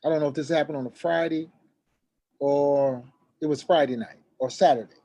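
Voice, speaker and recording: A middle-aged man telling a personal story in a lively conversational way, acting out the dialogue and raising his voice sharply in the heated parts. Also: fairly high pitch, moderate pace. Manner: acts out quoted dialogue, voice rising sharply when agitated. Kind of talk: animated storytelling.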